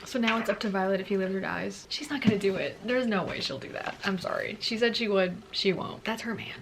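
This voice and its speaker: A woman's voice: medium pitch, a little fast, background noise. Gushing woman reacting to a book. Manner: gushing and exclamatory, reads passages in a hushed voice. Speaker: book vlogger. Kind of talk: excited book reading reaction.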